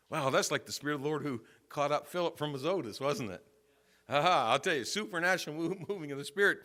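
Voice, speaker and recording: A man pastor preaching a sermon in a church, telling a story with swings from quiet asides to loud emphasis. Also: mid-range voice. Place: church sanctuary.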